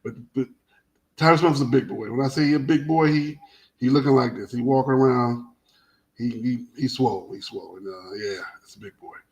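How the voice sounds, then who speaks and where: A man's voice: mid-range voice, fairly quick, muffled recording. Rambling man hosting sports talk. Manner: rambling, animated storytelling with many restarts. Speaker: sports talk show host. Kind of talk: casual sports chat.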